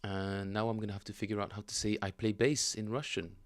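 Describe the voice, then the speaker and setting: A man streaming his bass practice, explaining chord tones in a rambling, casual way with lots of fillers and self-corrections. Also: level tone, quick pace. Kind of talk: casual livestream teaching chat.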